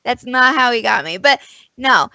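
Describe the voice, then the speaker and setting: A young woman co-hosting a casual show, telling an animated story and acting out both sides of an old conversation. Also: on the high side, moderate pace, vocal fry, no echo, muffled recording. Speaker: podcast co-host. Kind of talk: casual chat.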